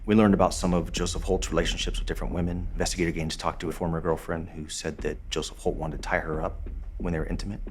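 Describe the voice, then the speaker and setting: A man's voice: low voice, little pitch movement, fast, slight background noise. A man, a detective, giving a matter-of-fact interview account.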